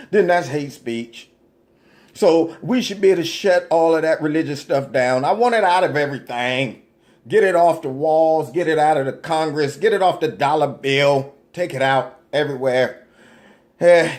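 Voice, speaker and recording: A man's voice: a little high, darkish tone. A man vlogging, reading items off a list and reacting with mock outrage, ironic and loose with casual slang. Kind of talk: sarcastic political commentary reading from a list.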